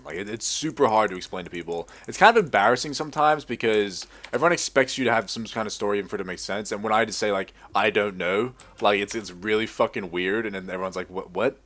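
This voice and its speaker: Low-voiced Australian man, American-sounding accent. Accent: American-sounding with bits of Australian. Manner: rambling, sweary, shouts excitedly at the game. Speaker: gaming video host. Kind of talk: casual commentary over gameplay.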